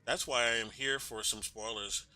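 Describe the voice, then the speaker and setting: A man's voice: mid-range voice, steady tone, normal speed, pushed and bright, faint music behind. A man giving casual let's play commentary, thinking aloud and swearing now and then. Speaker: gamer.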